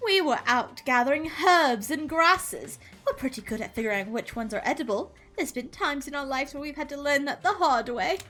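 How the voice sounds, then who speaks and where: A woman's voice: high voice, animated, fast, few pauses, a bit bright. Woman doing a prim British-accented young twin. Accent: put-on British.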